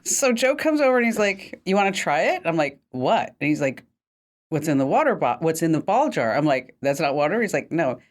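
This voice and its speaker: A woman hosting a tech podcast, chatting casually and telling animated stories with frequent laughter. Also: on the low side, a little fast. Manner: animated storyteller, laughs often. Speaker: podcast host. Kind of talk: casual chat.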